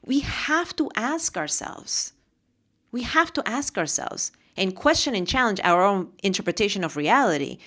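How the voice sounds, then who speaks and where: A woman's voice: medium pitch, a bit bright. Passionate woman giving a motivational talk. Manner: passionate, repeats phrases for emphasis. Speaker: podcast host and mentor.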